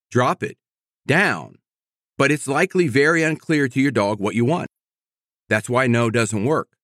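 A man's voice: mid-range voice, fairly bright tone, dry recording, studio quality. A man hosting his own podcast on puppy training, explaining patiently and repeating his key points. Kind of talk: solo podcast talk.

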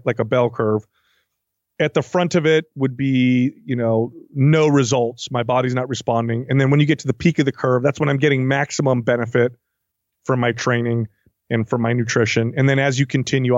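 A man's voice: medium pitch, dry recording, dull audio. A man, a fitness trainer, talking casually in an interview and acting out what his clients say. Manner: animated, acts out client quotes.

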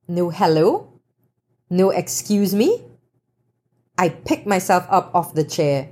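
A woman narrating a first-person novel in a measured, wry way. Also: fairly low pitch, animated, warm tone. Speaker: audiobook narrator.

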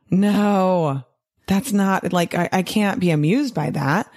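A woman giving an animated, casual monologue to fellow doctors, often tagging her points with "right?" and laughing. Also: medium pitch, moderate pace. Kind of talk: casual podcast-style monologue.

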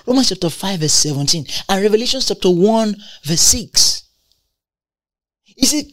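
A woman's voice: medium pitch, big pitch swings, moderate pace, no room sound. A woman preaching a sermon, emphatic and repetitive, asking rhetorical questions and laughing between points.

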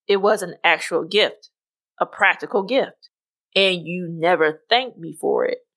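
A woman voicing a smug, condescending male coworker who speaks in an even, patronizing tone, in a read-aloud story. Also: on the low side, unhurried, voice pushed down.

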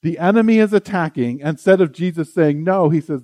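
A man's voice: on the high side, brisk, hardly any pauses, darkish tone, dry recording. A man pastor preaching an earnest, conversational sermon during a church service, often restarting his phrases.

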